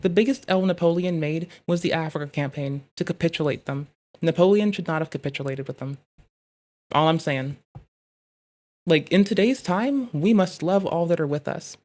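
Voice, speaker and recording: A streamer giving casual reaction commentary, rambling and swearing while thinking out loud in riffs, talking into a desk mic at home. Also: medium pitch, moderate pace.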